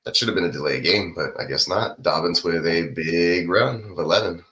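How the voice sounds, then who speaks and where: A man's voice: sits low, a little fast, sharp tone. A man co-hosting a podcast, chatting casually and calling plays while watching a football game. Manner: play-by-play remarks, laughs often. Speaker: podcast co-host.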